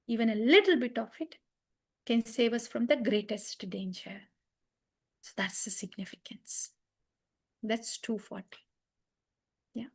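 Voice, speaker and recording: Earnest high-voiced woman teaching children. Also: creaky, a bit bright. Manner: earnest, repeats phrases, asks the class questions. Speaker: Bhagavad Gita teacher for children. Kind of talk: class teaching with verse chanting.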